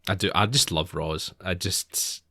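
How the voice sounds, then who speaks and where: A man's voice: low-pitched, unhurried, sharp tone, no room sound. A man co-hosting a podcast, chatting casually and gushing enthusiastically with his co-host. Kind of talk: casual chat.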